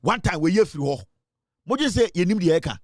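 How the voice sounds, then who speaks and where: Ghanaian man, angry online rant, higher voice, dry close sound, scornful mix of English and Twi. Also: animated, a little fast, no room sound. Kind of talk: angry social media rant.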